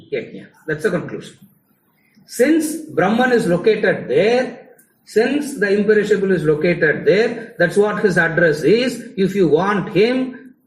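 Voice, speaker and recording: Man, Tamil-English accent, teasing lecturer's manner, slightly high voice, roomy hall, heard from a distance. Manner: conversational, teasing the audience, mixing English and Tamil. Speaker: spiritual lecturer. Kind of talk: live lecture to a class. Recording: echoey hall, mic at a distance.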